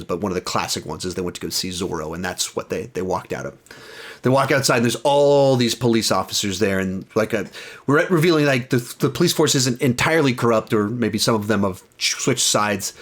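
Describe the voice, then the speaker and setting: A man's voice: mid-range voice, a bit bright. A young man giving a casual, rambling film review, retelling scenes and often correcting himself mid-sentence.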